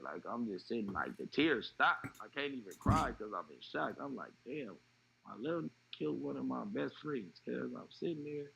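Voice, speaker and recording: A man telling a personal story in an interview, animated and acting out what others said. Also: mid-range voice, gravelly, breathy edge, muffled recording. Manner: animated retelling, acting out quoted voices. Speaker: interview guest.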